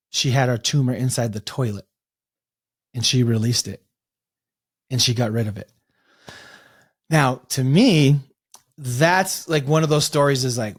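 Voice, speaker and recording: A man telling animated stories as an interview guest, acting out the people he quotes. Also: medium pitch, no room sound, clean studio sound. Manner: animated storyteller, restarts and acts out quotes. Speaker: guest, breathwork coach. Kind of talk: storytelling in an interview.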